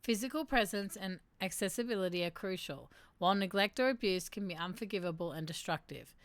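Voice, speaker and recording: A young woman hosts a casual livestream for a mental health segment, reading aloud and chatting in an animated way while laughing and swearing now and then. Her medium-pitched voice moves briskly, and the recording is dry.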